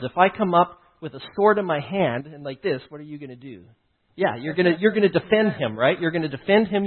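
A man's voice: on the high side, breathy edge. A man teaching through a personal story, often stopping to check in with "right?" and "okay?". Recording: tinny phone-like line.

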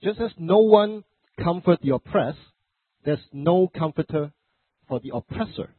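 A man's voice: on the high side, animated, measured pace, dry recording. A man pastor preaching a conversational sermon with a stuffy, congested voice from the flu, with joking asides and self-corrections. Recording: dry, phone-like narrow sound.

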